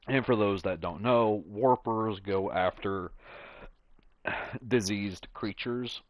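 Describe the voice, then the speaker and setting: Slow, halting deep-voiced gamer. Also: male voice, no echo, highs cut off. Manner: slow and halting, many fillers and pauses. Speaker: gameplay streamer. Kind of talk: casual commentary.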